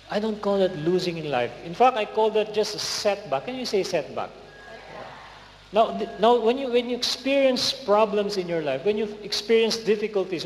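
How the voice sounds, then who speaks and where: Male guest preacher, high voice, energetic call-and-response, echoey hall recording. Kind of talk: sermon. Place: large hall. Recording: echoey hall with faint noise.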